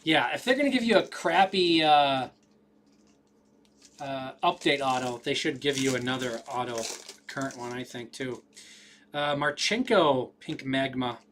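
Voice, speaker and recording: Male host for a live card break: quick casual patter, mid-pitched, names called in a steady stream.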